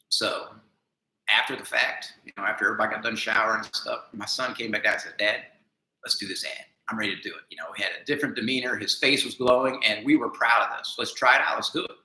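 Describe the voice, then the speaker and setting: A man with a bright, forceful voice tells his story earnestly and critically, sometimes dropping low and sometimes rising with emphasis. The sound is echoey, as in a bare room, and his pitch sits in the middle range. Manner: earnest, self-critical, swings from quiet to emphatic. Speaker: vlogger. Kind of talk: confessional monologue.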